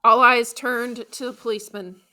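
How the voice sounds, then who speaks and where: Brief: female audiobook narrator, bright clear tone, measured, emotive first-person reading. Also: a little high, fairly even intonation.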